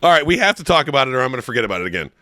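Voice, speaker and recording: Lively bright-sounding young dude on a comedy podcast, swears constantly, dry close mic. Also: male voice, medium pitch, rapid-fire, dry recording. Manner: animated storyteller, swears a lot, breaks into laughs. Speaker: podcast co-host. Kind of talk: crude comedic podcast banter.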